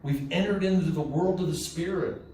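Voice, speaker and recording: A man's voice: a little high, normal speed, warm tone. Candid man telling his recovery story at a meeting, off-mic in an echoey room. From southern California. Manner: candid and conversational, many fillers and restarts. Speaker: AA meeting speaker. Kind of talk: personal recovery share. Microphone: room recording from a distance. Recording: echoey room, distant mic, faint noise.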